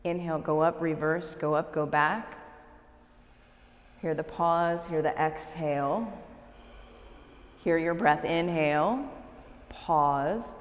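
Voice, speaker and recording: A woman, a yoga teacher leading a live class with slow, calm cues and encouraging asides. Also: deep voice. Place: yoga studio, large room. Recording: echoey studio recorded live from a distance.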